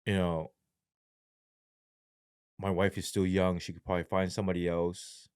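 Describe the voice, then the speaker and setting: A man with a lowish voice tells his story as an interview guest, blunt and slangy, heavy on profanity. When he speaks of despair his voice turns low and halting. The recording is dry and close, with no room sound. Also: flat delivery, a little mellow, clear, resonant tone, no room sound. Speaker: guest, former police sergeant.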